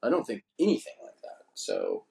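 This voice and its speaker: An American man hosting a podcast, brash, excitable and swearing constantly. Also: medium pitch, moderate pace, gravelly. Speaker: podcast host. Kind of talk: casual podcast chat. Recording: roomy room echo.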